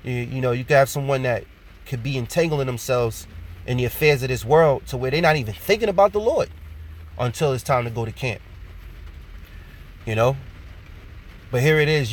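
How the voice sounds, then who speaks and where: Man preaching casually, tagging "man". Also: medium pitch. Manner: casual, ends phrases with "man", repeats points; reads scripture slowly and deliberately. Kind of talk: informal sermon with scripture reading.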